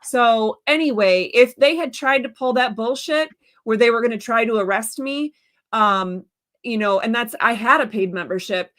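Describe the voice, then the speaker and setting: A woman with a slightly higher voice tells a long story in casual interview chat. She gets animated and exasperated, slipping into the voices of the people she quotes. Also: moderate pace. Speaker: guest, stand-by counsel. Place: live stream, remote.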